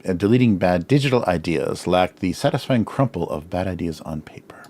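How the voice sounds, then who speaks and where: Low-voiced man chatting casually on livestream. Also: animated, a little fast, a little mellow. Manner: chuckles often, musing and self-deprecating. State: strained voice. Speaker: cartoonist livestream host. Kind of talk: casual livestream chat while drawing.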